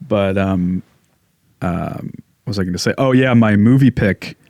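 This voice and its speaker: A man's voice: on the low side, unhurried, darkish tone, dry recording, studio quality. A young man with a stuffed-up nose, co-hosting a podcast and chatting enthusiastically. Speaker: podcast co-host. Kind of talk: casual chat. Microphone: studio podcast mic.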